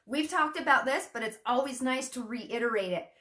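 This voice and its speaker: A network marketing coach teaches her sales team in a casual, chatty way, performing sample messages in a perkier voice. Her own voice is on the high side and fairly bright, at a normal speed.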